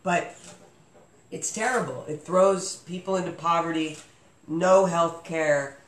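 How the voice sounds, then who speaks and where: A man's voice: on the high side, takes it slowly, fairly bright tone. A man hosting a casual podcast chat, rambling with lots of fillers and restarts. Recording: echoey room with faint noise.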